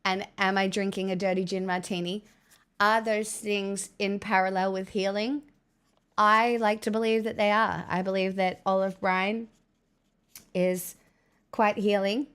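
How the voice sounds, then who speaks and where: A woman streams at an unhurried pace, her voice clear and smooth despite the cough lingering from her illness. She chats casually with viewers, thanking them and tossing in wry asides. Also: medium pitch, flat delivery, fairly bright tone. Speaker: livestreamer. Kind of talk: casual livestream chat.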